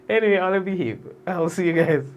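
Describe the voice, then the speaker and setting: A man's voice: high voice, a little hiss or hum. A man hosting a live news stream, chatting casually and teasing viewers by name as he signs off, laughing often.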